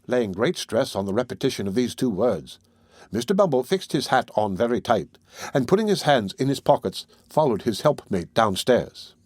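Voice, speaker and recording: A man narrates a classic novel for an audiobook in an even, unhurried voice of middling pitch. The recording is dry and close, with no room sound. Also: no room sound. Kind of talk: scripted narration.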